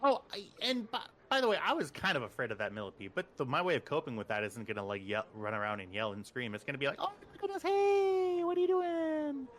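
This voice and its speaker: A man acting as game master, chatting casually and telling rambling, animated stories before narrating the game. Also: fast, hardly any pauses, slight background noise. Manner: animated rambling storyteller, squeaky high voice for quotes.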